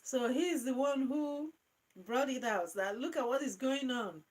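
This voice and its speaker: A woman hosting a live-stream chat, reading out viewer comments and laughing through her words in a playful, animated way. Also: sits high, a little slow, poor audio. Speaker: channel host.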